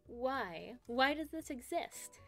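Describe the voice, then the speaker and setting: A woman's voice: high voice, expressive, takes it slowly, gravelly, fairly bright tone. A young woman streaming a game, chatting casually and giggling often as she reads chat aloud. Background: game music.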